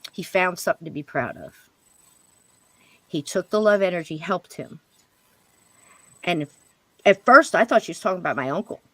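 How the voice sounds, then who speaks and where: A middle-aged woman telling a personal story in a casual, animated way, jumping higher when she quotes people. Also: moderate pace, pauses often, no room sound. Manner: animated, jumps to higher pitch when quoting others. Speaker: podcast guest.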